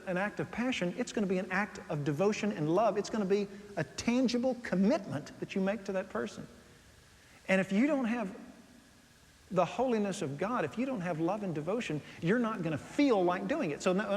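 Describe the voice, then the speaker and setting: High-voiced preacher in a hall. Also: male voice. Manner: animated storytelling, swings between soft and loud. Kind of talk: sermon on dating and marriage. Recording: long hall reverb.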